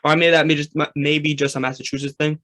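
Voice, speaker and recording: A man's voice: fairly high pitch, little pitch movement, quick pace, fairly bright tone. A young man hosting a sports talk interview, chatty and rambling with lots of fillers. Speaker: sports talk show host. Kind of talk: casual interview chat.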